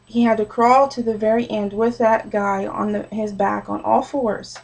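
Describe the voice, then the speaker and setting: Earnest young woman with a gravelly voice. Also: mid-range voice, steady tone, normal speed, a little mellow, a little hiss or hum, low-quality recording. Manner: earnest, conversational with frequent fillers. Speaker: speaker giving a short sermon. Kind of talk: personal story sermon.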